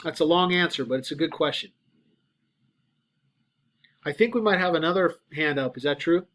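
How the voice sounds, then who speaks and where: A man's voice: a little high, moderate pace, fairly bright tone. A man giving a casual guest lecture to graduate students online, talking through points with fillers and frequent "right?" checks. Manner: conversational, explains with many fillers and "right?" checks.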